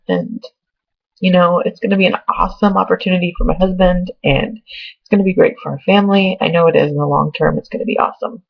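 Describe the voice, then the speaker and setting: A woman's voice: on the low side, fairly even intonation, fairly quick, gravelly. A young woman from Oregon giving a casual pregnancy update, chatty and emotional, close to tears. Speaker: vlogger. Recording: dull lo-fi home webcam audio.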